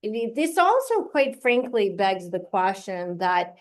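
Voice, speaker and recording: Woman host, mid pitch, chatty and asking questions in an interview. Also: big pitch swings, a little slow. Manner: engaged, questioning. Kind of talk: conversational interview.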